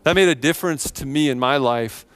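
Faint music plays behind a middle-aged pastor as he preaches to his church in the sanctuary, speaking a little quickly at medium pitch. He is earnest and forceful, driving his points home by repeating phrases.

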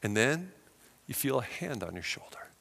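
A male pastor preaching a sermon with animated, vivid storytelling in a church hall. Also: mid-range voice, moderate pace, gravelly. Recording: long hall reverb.

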